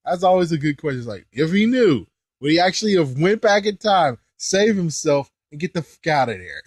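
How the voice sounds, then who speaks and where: A man's voice: on the high side, big pitch swings, fairly quick, dry recording. Rambling young man recapping episodes. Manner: rambling, laughing, loose. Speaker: host. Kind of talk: casual episode commentary.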